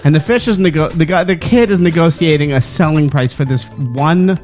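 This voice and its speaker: A man's voice: on the high side, normal speed, a little mellow, soft background music. A man co-hosting a comedic talk show, reading out a local news story with playful announcer flair and laughing asides.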